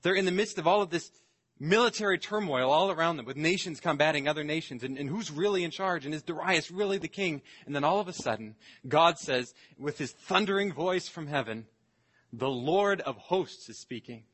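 Pastor, male, somewhat high husky voice, earnest deliberate sermon delivery. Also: animated, a bit bright. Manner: earnest, deliberate, slows to stress scripture phrases. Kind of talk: expository sermon.

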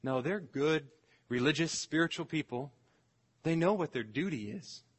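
Husky-voiced man preaching a sermon. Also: on the high side, expressive. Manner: earnest, deliberate, slows to stress scripture phrases. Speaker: pastor. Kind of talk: expository sermon.

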